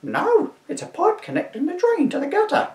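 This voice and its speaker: A man voicing a shrill, indignant old village woman in a high, quavering crone voice. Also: very animated, normal speed, darkish tone, recorded from a distance, exaggerated voice. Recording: roomy echo, voice from off-mic.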